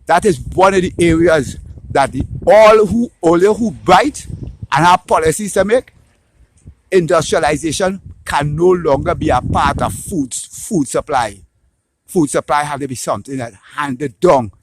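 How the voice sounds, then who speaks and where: Speaking at a measured pace, a Trinidadian man with a voice on the high side rants through a casual, opinionated monologue. He's animated, swears freely, and often ends his points with "right?".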